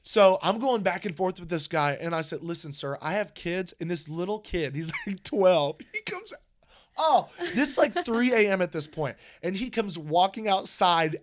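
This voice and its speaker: A man co-hosting a podcast, telling a story in a casual, animated way, with frequent restarts and repeated words. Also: sits high, moderate pace. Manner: animated, rambling with many restarts. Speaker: podcast co-host.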